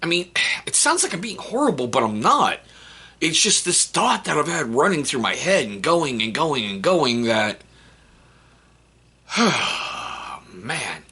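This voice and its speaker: Bright, husky-voiced middle-aged man vlogging. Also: fairly high pitch, sing-song, takes it slowly. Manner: rambling, self-mocking, restarts sentences. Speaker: vlogger, stepfather. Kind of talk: casual talk to camera.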